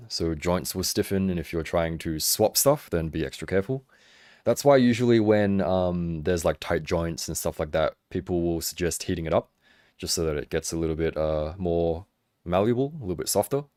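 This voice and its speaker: Young guy rambling on his figure stream, lowish voice that jumps around, swears a lot, dry close mic. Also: moderate pace, no echo. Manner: swears freely, laughs, chatty and expressive. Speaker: action figure livestream host. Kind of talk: casual livestream chat answering viewers. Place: home in Hong Kong.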